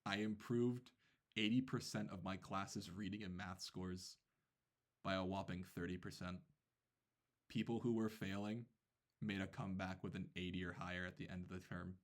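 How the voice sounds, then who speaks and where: Low-voiced man telling a classroom story. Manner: animated, quick asides, mimics students. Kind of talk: casual storytelling narration.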